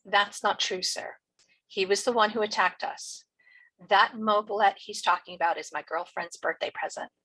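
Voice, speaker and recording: A woman reading aloud as a calm, controlled teenage boy, her voice husky. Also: fairly low pitch, normal speed, hardly any pauses, heavily acted, low-quality recording.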